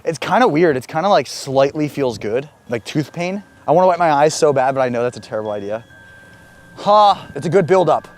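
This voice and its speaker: A man's voice: fairly high pitch, animated, brisk. A young man vlogging a tough fitness challenge, talking energetically and swearing when it hurts. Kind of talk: fitness challenge vlog with voice-over.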